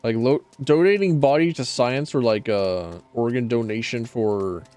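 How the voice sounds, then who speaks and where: A man's voice: mid-range voice, a little slow, darkish tone. Guy streaming a game, rambly and casual, swears a bit, faint music. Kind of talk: casual gameplay commentary.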